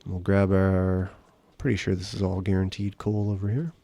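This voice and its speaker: A man's voice: low voice, flat delivery, moderate pace, dark tone, no echo. A man streaming a survival game live, joking and chatting casually to the characters on screen.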